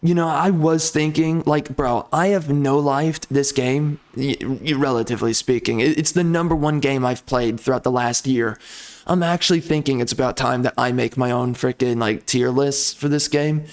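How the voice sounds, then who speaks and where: A man's voice: mid-range voice, normal speed. A man giving casual gameplay commentary as a video creator, ranting in frustration with frequent mild cursing.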